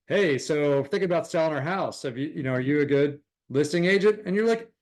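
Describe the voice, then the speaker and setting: A man's voice: fairly high pitch, brisk, few pauses. A man teaching a class on recruiting real estate agents, talking casually and acting out little conversations as he goes. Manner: animated, acts out dialogue with changing voices. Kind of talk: casual coaching talk.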